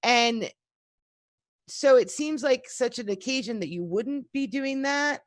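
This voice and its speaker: A woman's voice: a little high, a little slow, dry recording, clean studio sound. A woman, a psychology instructor chatting casually and acting out little stories as she tells them. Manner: animated storyteller, acts out quotes. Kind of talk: casual chat.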